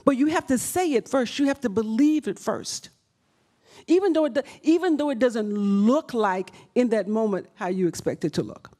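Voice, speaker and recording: High-voiced woman leading a workshop. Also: animated, moderate pace, dark tone. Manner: repeats and restarts phrases, emphatic. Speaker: workshop leader. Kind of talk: live workshop talk. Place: event room.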